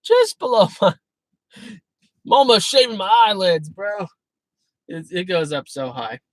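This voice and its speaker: A man with a high, sing-song voice hosts a live stream, preaching casually about faith at a measured pace. He's emphatic and earnest, repeatedly interrupting himself, and the rough recording has no echo.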